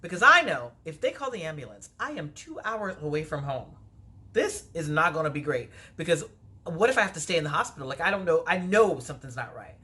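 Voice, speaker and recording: A woman telling a personal story in a vlog, animated and lively, her voice leaping up when she replays her own words. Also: sits low, fairly quick. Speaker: vlogger.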